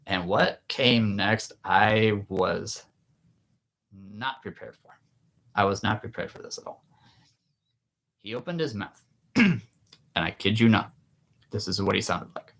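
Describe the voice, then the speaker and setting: Slow-talking man telling an anecdote. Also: lowish voice. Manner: animated, with many restarts and laughs. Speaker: author and vlogger. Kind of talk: casual storytelling.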